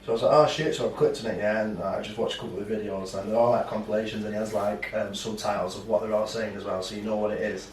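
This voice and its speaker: A man, co-hosting a podcast in casual, animated chat, swearing and acting out quotes. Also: lowish voice, very fast, few pauses. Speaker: podcast co-host. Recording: roomy, distant mic with faint noise.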